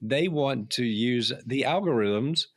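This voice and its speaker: A man's voice: medium pitch, animated, slow, no room sound. A man hosting a podcast, chatty and friendly, telling stories with restarts. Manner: friendly, rambling with restarts and laughs. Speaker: podcast host. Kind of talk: casual conversation.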